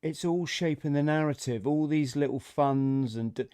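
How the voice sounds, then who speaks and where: A man's voice: fairly high pitch, normal speed, a crowd in the background. A man hosting a casual chat, agreeing with his guest and calling him mate. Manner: chatty, agreeing, calls people mate. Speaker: podcast host.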